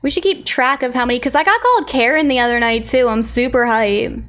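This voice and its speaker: A woman's voice: fairly high pitch, brisk, a bit bright. A woman streamer chatting casually with her viewers and greeting them by name. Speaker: live streamer.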